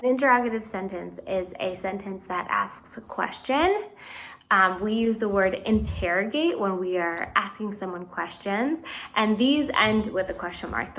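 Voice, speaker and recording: A woman teaching a recorded grammar lesson, explaining patiently and reading example sentences out slowly. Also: mid-range voice, a bit bright, low-quality recording. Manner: clear, patient explaining with slow read-out examples.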